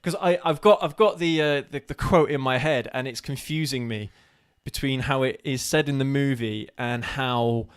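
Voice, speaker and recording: A man's voice: medium pitch, normal speed, few pauses, clean tone. A man with an English accent co-hosting a casual live stream, laughing often and mocking himself with many stumbling restarts.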